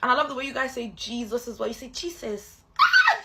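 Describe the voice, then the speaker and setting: A woman's voice: high voice, steady tone, rapid-fire, heavy background noise. A woman chatting casually, effusive and bubbly. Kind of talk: casual gushing chat.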